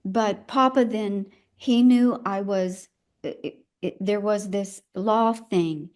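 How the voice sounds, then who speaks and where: An older woman recounting her past in an interview, speaking in a reflective, halting way and stopping now and then to find the right words. Her pitch sits in the middle range for a woman, and her voice is neither high nor low. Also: a little mellow. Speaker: elder midwife guest. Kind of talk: personal storytelling in conversation.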